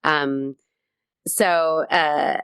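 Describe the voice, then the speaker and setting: High-energy woman comedian, low voice. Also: very slow, smooth, no room sound, studio quality. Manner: high-energy, animated storytelling. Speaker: comedian guest. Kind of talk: casual interview chat.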